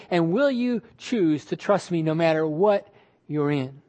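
Male pastor, high-pitched, emphatic sermon delivery with drawn-out words. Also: animated. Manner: emphatic, drawn-out words, sudden drops to quiet.

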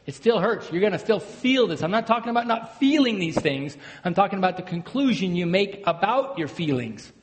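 A man preaching a sermon as a pastor, swinging between loud emphatic bursts and hushed, low phrases. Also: lively intonation, fairly quick, few pauses. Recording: long hall reverb.

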